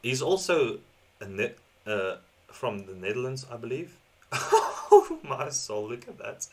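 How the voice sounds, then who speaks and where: A man's voice: medium pitch, very animated, unhurried, crowd noise. A man from South Africa with a South African accent, hosting a reaction video in rambling casual commentary and laughing often between thoughts.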